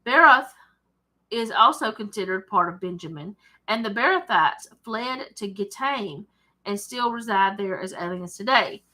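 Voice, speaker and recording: A Southern US accent marks this Alabama woman as she hosts a relaxed Bible study at her desk at home, reading verses, commenting, straying off topic and laughing. She has a mid-range, expressive voice that is bright and forceful, delivered a little slowly.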